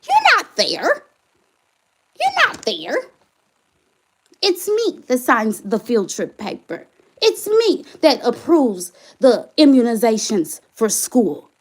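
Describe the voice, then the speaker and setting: High, animated woman venting to viewers. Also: slow. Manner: impassioned, repeated rhetorical questions; reads viewer comments aloud. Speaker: channel host, single mother. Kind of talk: emotional livestream venting.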